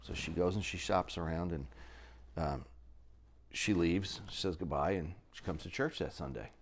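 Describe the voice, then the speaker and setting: A man's voice: deep voice, moderate pace, a little hiss or hum. A middle-aged man, a business owner on a podcast, telling a personal story in an earnest conversational way and acting out what others said. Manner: earnest, acts out quoted dialogue.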